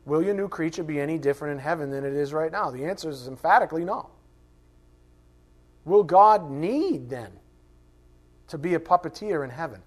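Higher-voiced man teaching the Bible. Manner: conversational, acts out quoted voices, asks rhetorical questions. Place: classroom with a board.

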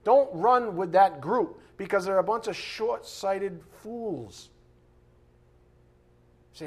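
A high-pitched man preaching an informal sermon in a blunt, fiery way. He swings from loud, punchy bursts to low, quiet asides. When he reads scripture he slows right down and leans on every word. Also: husky. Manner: reads scripture slowly with emphasis.

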